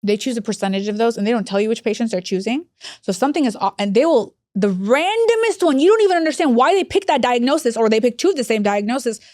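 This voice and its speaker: A woman in her thirties, a hospice executive, telling lively stories in a podcast interview and acting out other people's voices. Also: fast talker, dry recording, studio quality. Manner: animated, acts out quoted voices with big pitch jumps.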